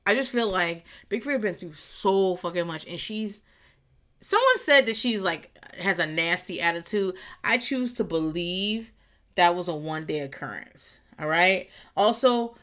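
Solo podcast host, woman, bright tone, rambling and profane, quick to laugh. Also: animated. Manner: rambling, profane, laughs often, jumps to squealing high voices for quotes. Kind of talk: casual solo podcast rant. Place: garage.

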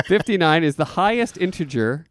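A man's voice: fairly high pitch, lively intonation, a little slow, a little hiss or hum. A man co-hosting a podcast, chatting casually and acting out funny quotes as he tells a story. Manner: playful storyteller, acts out quotes. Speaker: podcast co-host. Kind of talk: casual chat.

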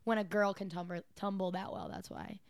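A woman's voice: mid-range voice, a little fast, dry recording. Young woman podcast co-host, rambling and chatty, clean resonant voice. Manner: chatty, rambling, quotes people in lively voices. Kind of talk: casual chat.

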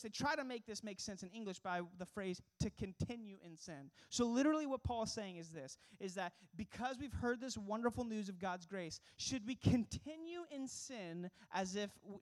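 A young man preaching as a pastor, earnest and emphatic, asking the congregation rhetorical questions. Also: high voice. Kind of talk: sermon.

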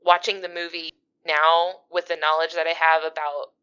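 A woman's voice: low-pitched, level tone, moderate pace, sharp tone, clean tone. A woman from the US East Coast co-hosting a podcast, giggly and full of "like" fillers. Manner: giggly, talks with many "like" fillers. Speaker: podcast co-host. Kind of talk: casual podcast chat. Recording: dull, lo-fi sound.

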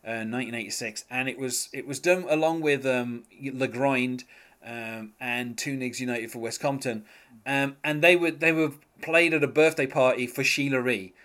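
A man talks through a song in a loose, conversational podcast chat. He wanders from thought to thought, padding his sentences with fillers and little laughs. His voice sits at an ordinary middle pitch. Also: fairly even intonation, moderate pace, fairly bright tone. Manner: rambling, many fillers, chuckles often. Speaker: podcast host. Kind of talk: casual music discussion.

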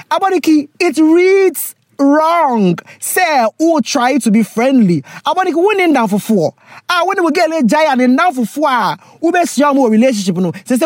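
A woman, hosting and reading out a listener's letter with casual advice, animated and laughing, often slipping into pidgin. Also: high-pitched, no echo, studio quality.

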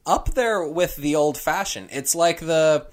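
A man co-hosting a casual chat, telling an animated story and slipping into character voices. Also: on the high side, unhurried. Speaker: podcast co-host.

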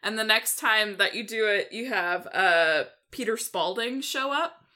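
Bright-voiced woman rambling a silly story. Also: mid-range voice, measured pace. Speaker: podcast panelist. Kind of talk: casual podcast chat.

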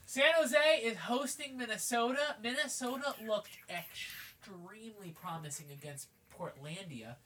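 A woman's voice: a little high, expressive, measured pace, hardly any pauses. A woman co-hosting a casual sports podcast, reading out fixtures and joking with friends. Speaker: podcast co-host. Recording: mic at a distance, faint hiss.

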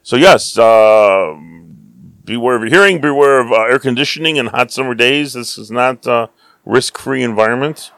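An American man casually telling a story about his travels, lively, acting out the people he quotes. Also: medium pitch, normal speed, dry recording. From United States. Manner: animated, acts out quoted voices.

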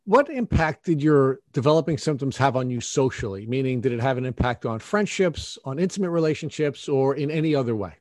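A man interviewing a guest, asking measured, probing questions. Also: mid-range voice, animated, darkish tone, no room sound, studio quality.

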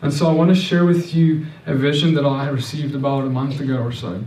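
A man's voice: mid-range voice, level tone, fairly quick, darkish tone, far from the mic. A man preaching a sermon in an earnest, repetitive way, often restarting and stammering over words. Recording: echoey room, voice off-mic.

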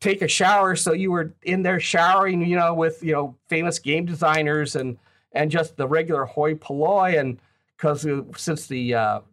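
High-voiced rambling man telling convention stories. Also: fairly even intonation, normal speed, a bit bright. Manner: rambling, full of ums and asides. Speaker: podcast guest, convention historian. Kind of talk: casual anecdotal chat.

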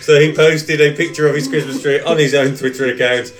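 Jokey man with a higher voice. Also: fairly even intonation, a little fast. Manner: jokey, giggly, reads news items. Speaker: podcast host, news reader. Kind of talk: casual chat.

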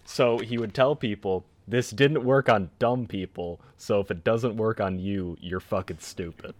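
A man hosting a casual comedy podcast, reading quotes from a book aloud with animated, laughing delivery. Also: on the low side, a little slow, no echo.

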